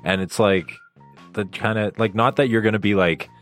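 Very deep-voiced man, wry and laid-back. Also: fairly even intonation, normal speed, fairly bright tone, soft background music. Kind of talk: casual chat.

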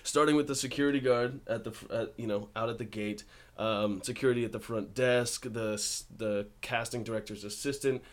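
A man's voice: mid-range voice, steady tone, a little fast. Laid-back man telling stories. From born in Australia, raised in Colorado and Texas. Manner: easygoing storyteller, laughs often. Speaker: actor guest. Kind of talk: casual interview chat.

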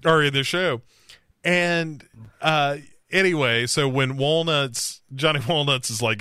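Man, casual rambling recap, crisp bright tone, dry close sound. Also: a little high, unhurried, no echo. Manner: rambling retelling with quoted lines and restarts. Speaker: podcast co-host.

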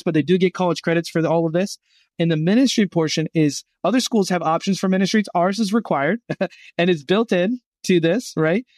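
A middle-aged man speaks as a guest on a podcast, his voice sitting slightly high for a man. He tells his stories with energy and acts out the voices of the people in them. The sound is dry and close, with little room around it. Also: dry recording. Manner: animated storyteller acting out quoted voices. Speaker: guest speaking for a Christian gap year college. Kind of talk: storytelling in a podcast interview.

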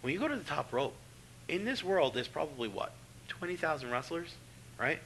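A man's voice: fairly high pitch, brisk, a little hiss or hum. A middle-aged man, a professional wrestler, telling stories in casual, profane talk and acting out the voices in them. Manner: profane, animated, acts out voices. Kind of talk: casual storytelling.

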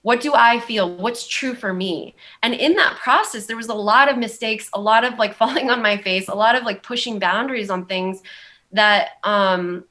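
Young woman with a valley girl accent, bright voice, rambly, lots of likes and ums. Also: on the high side, moderate pace. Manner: rambling, heavy use of "like" and "um". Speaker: guest. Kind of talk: candid conversational storytelling.

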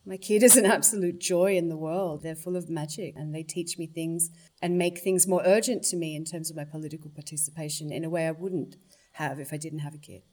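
A woman's voice: sits low, fairly even intonation, brisk, a little mellow. A woman, speaking thoughtfully and earnestly in a personal interview. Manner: thoughtful, earnest, politically articulate.

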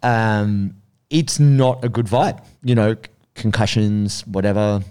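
A man's voice: on the low side, steady tone, slow pace, darkish tone, clear, resonant tone. A man hosting a podcast, reacting briefly and then explaining his view at length. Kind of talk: casual chat.

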